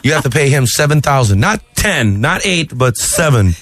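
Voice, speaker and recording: A man being interviewed as a comedian, animated and quick to slip into impressions. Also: mid-range voice, no echo, faint music behind. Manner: animated, jumps into sung and shouted impressions. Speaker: comedian guest.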